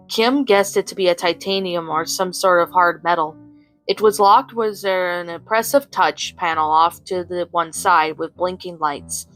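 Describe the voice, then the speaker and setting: A woman's voice: lowish voice, a bit bright, low-quality recording. Woman reading a fan story aloud. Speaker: story narrator.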